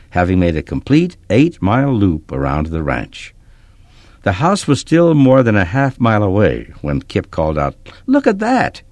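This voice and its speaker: A male narrator reads a storybook aloud in a steady, expressive storytelling voice. His very deep tone moves with lively rises and falls, and the recording is dry and close, with no room sound or echo.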